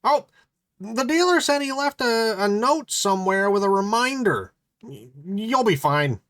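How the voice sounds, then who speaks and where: A man's voice: sits high, sing-song, unhurried, a bit bright, no echo, studio quality, voice pushed up, heavily acted. A man voicing a wisecracking male pilot who takes his time and shrugs off complaints with a breezy, cheeky manner. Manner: breezy, unbothered and a little cheeky.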